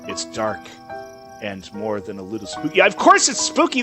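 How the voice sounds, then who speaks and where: A man's voice: fairly low pitch, wildly swooping pitch, normal speed, sharp tone. A man hosting a game playthrough, reading the game text aloud and joking about it. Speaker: gaming channel host. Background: game music.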